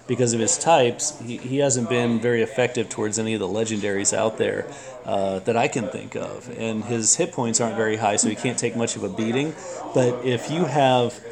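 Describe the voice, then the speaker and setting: A man hosting a casual podcast chat, relaxed and chatty with lots of fillers and restarts. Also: on the low side, moderate pace, gravelly, crowd noise. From Texas. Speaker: podcast host.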